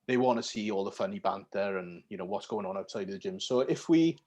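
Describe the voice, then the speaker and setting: A young man with a Yorkshire accent speaks casually on a podcast where he is a guest, and he works as a gym videographer. His fairly low voice is animated and fast, he swears freely, and his phrases trail off into a quiet mumble at the end.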